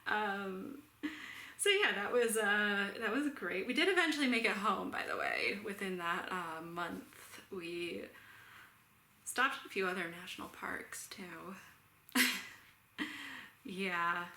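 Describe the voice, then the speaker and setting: Chatty young woman, bright voice. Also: mid-range voice, sing-song, slow pace, long pauses. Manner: chatty, laughs often, many "like" fillers. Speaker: knitting vlogger. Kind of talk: casual storytelling chat. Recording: roomy echo, faint ambient noise.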